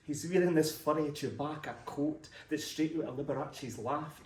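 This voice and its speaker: A Scottish man giving a live poetry reading, with an animated, dramatic delivery. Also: fairly high pitch, normal speed. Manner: animated, dramatic delivery with big swings in loudness. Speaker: poet reading his work. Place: library event room. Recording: roomy hall sound from a distant mic, faint ambience.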